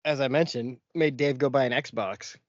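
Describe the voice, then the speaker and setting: A man's voice: mid-range voice, moderate pace, no room sound, dull audio. A man co-hosting a podcast, telling rambling stories in casual chat and laughing often. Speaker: podcast co-host.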